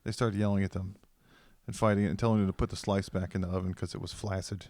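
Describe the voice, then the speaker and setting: A man's voice: sits low, level tone, fast talker, dark tone, no room sound. A man tells crude stories on a casual comedy podcast, close and dry to the mic. He keeps slipping into over-the-top voices for the people he quotes and laughs as he goes. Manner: storytelling, acts out quoted voices, laughs often.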